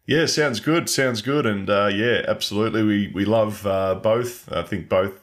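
Deep, easygoing male podcast co-host. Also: moderate pace. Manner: easygoing, explains at length. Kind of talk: casual finance podcast chat.

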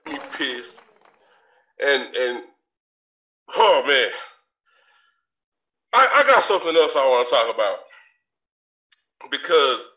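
A man's voice: on the high side, bright, forceful tone, echoey room, recorded from a distance, poor audio. A man co-hosting a podcast, doing a profane, boastful, mock-furious comic rant. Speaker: podcast co-host. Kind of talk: comedic rant in character.

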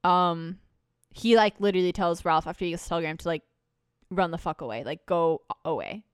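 A woman's voice: on the low side, brisk, clean tone, no echo, studio quality. A young woman co-hosting a podcast, chatting casually and swearing freely as she recaps a musical and acts out quoted lines. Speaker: podcast co-host.

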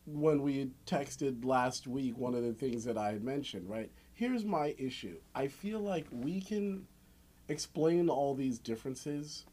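Animated, joking man on a podcast. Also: mid-range voice. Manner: animated, laughs often, jokes around. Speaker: podcast co-host. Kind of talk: casual podcast chat.

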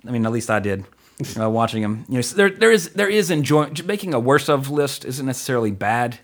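A man's voice: mid-range voice, lively intonation, fast. A man hosting a casual movie podcast, rambling with lots of fillers and laughing easily. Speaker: podcast host.

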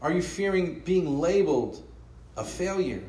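A man's voice: on the high side, lively intonation, measured pace, dark tone. A pastor giving an earnest, conversational sermon, often posing rhetorical questions to his listeners. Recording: roomy echo, voice from a distance.

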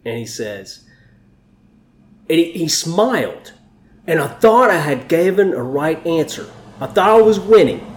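A man's voice: on the high side, very animated, unhurried. A man, a Navy chief, telling personal stories as an interview guest in a candid, emotional way, swearing freely. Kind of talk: conversational storytelling. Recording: roomy echo.

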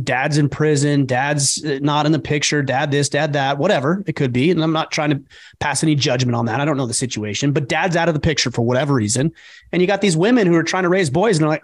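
A man's voice: a little high, brisk. A middle-aged man co-hosting a podcast, talking emphatically in casual chat and acting out others' words with energy. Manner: emphatic, animated when quoting others. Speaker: podcast co-host.

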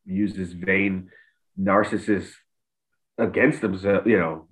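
A man's voice: low voice, steady tone, takes it slowly, rough recording. A man in a casual podcast chat, adding laid-back commentary and often saying "you know". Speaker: podcast co-host.

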